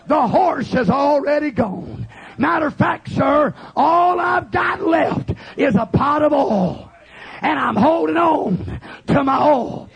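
High, gravelly, shouting revival preacher. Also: male voice. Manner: shouting, fiery preaching with rousing call-and-response. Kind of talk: Pentecostal revival sermon.

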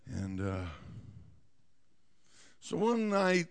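Slow, animated storytelling preacher man. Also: high-pitched, creaky, smooth. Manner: animated, acts out scenes, folksy asides. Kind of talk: dramatic sermon storytelling.

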